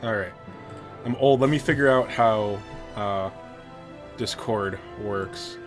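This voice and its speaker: A man's voice: lowish voice, slow, soft background music. A man chatting casually on a live stream between story lines, swearing, joking at his own expense and easily sidetracked. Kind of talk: casual live-stream chat, reading a game story aloud.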